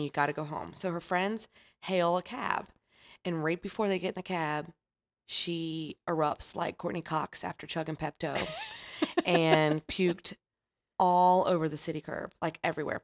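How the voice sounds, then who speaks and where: A woman co-hosting a podcast, telling a story in an animated, chatty way, often laughing and swearing casually. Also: low voice. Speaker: podcast co-host.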